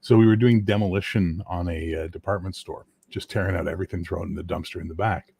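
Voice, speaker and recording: Husky lowish guy, host of a chat, swears a lot while telling stories. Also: fairly even intonation, quick pace, darkish tone, no room sound, studio quality. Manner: swearing, storytelling, laughing. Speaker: game master hosting a chat show. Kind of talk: casual chat.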